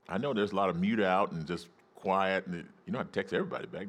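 A man preaching a sermon as pastor in a church, calling out to the congregation and rising into excited shouts. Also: sits low, fast talker, few pauses. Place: church sanctuary.

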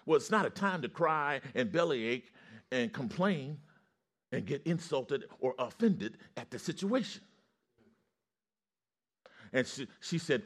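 A male preacher delivering a sermon, calling on the congregation to repeat after him. His voice sits in a middle range, and his storytelling builds to loud, excited peaks. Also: medium pitch, unhurried, long pauses.

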